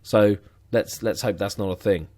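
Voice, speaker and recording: Low-voiced man, sarcastic game commentary. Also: moderate pace, a little mellow. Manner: sarcastic, muttering asides. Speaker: gaming commentator.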